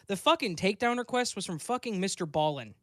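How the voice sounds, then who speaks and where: A man's voice: high-pitched, expressive, quick pace, fairly bright tone, no room sound, clean studio sound. A man who narrates stories, co-hosting a podcast in blunt, casual chat and swearing freely. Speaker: podcast host and story narrator.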